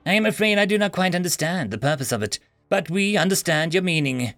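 A man's voice: high-pitched, fairly quick, soft background music, pitched above the performer's own voice. Zenkeltai , a man's nasal alien captain voice. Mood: literal, polite. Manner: formal, flat and overly literal. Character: literal-minded deadpan male alien captain.

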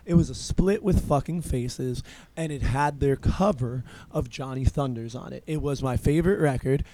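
A man in his thirties in casual chat, telling animated, profane stories. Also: mid-range voice, normal speed, noisy background. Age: 30s.

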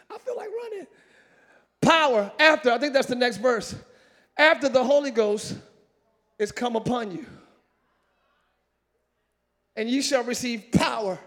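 In a large sanctuary with a congregation present, a man preaches in an extremely high pitch. His lively sermon shifts from loud shouting to quiet jokes shared with the people, punctuated by ecstatic outbursts.

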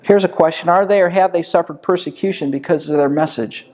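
A man with a slightly raised pitch teaches a small Bible study group in an easy, conversational way. He poses rhetorical questions one after another and answers them himself, as a teacher talking with his class. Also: a little fast, a little mellow. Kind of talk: informal Bible study lesson.

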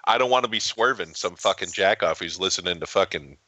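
A man talks in a blunt, combative and profane way during casual banter. His voice is bright and forceful, recorded close and dry. His pitch sits in the middle range. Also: a little fast, no room sound, low-quality recording. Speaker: podcast co-host. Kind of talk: casual chat.

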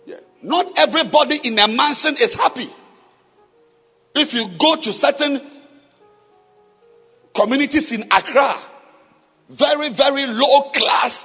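A man preaching a sermon, with long pauses and sudden shouts. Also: very high voice, soft background music. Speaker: pastor. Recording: dull sound with long hall reverb.

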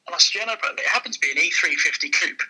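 A man's voice: on the high side, racing, slightly rough, rough recording. A man, a used car dealer, telling a casual anecdote and acting out the people in it. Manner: lively, acts out the people in his stories.

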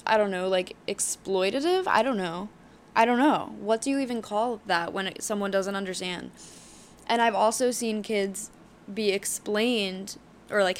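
A woman's voice: mid-range voice, a little hiss or hum. A woman in her twenties hosting a solo podcast, talking candidly and heatedly, swearing often, with plenty of fillers. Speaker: podcast host.

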